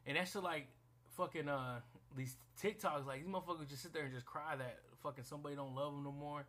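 Young man, somewhat high voice, casual rant, blunt, profane, repetitive restarts. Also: fast talker, a bit bright. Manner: blunt, profane, repeats himself and restarts often.

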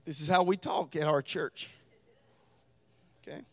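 A middle-aged man with a Southern US accent preaching a sermon in a church, building to fervent shouted peaks. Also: fairly high pitch, fairly even intonation, measured pace. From American South. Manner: preaching with rising fervor and shouted climaxes. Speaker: pastor.

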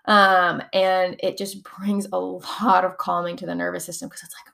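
A woman's voice: lowish voice, steady tone, slow, creaky, fairly bright tone. A young adult woman explaining somatic coaching techniques in a chatty, casual teaching talk, full of fillers and frequent laughs.

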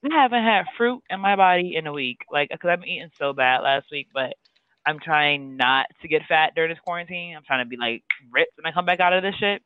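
Podcast co-host, man, higher voice, rambling casual talker, dry and phone-thin audio. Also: fairly quick, smooth, no room sound. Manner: rambling, filler-heavy, breaks into sung lines. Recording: tinny phone-like sound.

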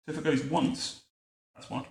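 A man's voice: on the high side, level tone, normal speed, creaky, a little mellow. Man reading as an imperious elderly queen, mannered and commanding; echoey room. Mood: explaining. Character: bossy old queen who drives a bus, haughty.

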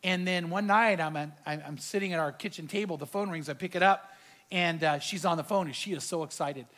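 A man's voice: a little high, fairly quick, fairly bright tone. A middle-aged male pastor preaching a sermon, telling a personal story and acting out the quoted dialogue with animation.

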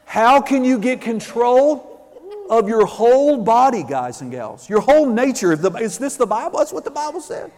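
A man preaching a sermon, animated, acting out quotes and rising to shouts. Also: very high-pitched, normal speed. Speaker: pastor. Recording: long hall reverb.

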